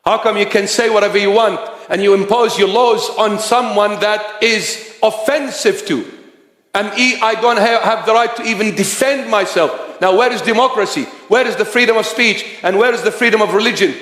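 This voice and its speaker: Male preacher, high-pitched, bold and shouting at times, roomy hall sound. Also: moderate pace. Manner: forceful, rising to shouting. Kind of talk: sermon. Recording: echoey hall.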